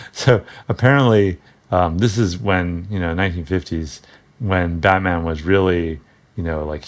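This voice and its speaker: A man giving casual, rambling commentary on an old comic book, joking and chuckling, with frequent ums and self-corrections. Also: sits low.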